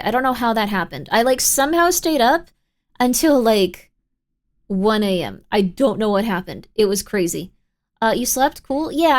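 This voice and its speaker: Bubbly young woman streamer, slightly high. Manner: bubbly and rambling, filler-heavy with frequent 'like'. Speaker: livestream host. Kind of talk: casual chat, reading out viewer messages.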